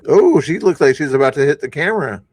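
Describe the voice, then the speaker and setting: A man's voice: on the high side, animated, quick pace, darkish tone, a little hiss or hum. A man hosting a casual news commentary stream, talking loosely with many fillers and restarts. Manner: rambling, lots of fillers and restarts. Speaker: stream host.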